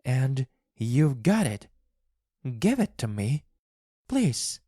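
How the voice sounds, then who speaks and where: A man's voice: very animated, very slow, mellow, slightly rough, no echo, clean studio sound, heavily acted. A man putting on a frantic, grieving old mother. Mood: pleading. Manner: high, pleading cries. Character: grieving older woman, desperate and frantic.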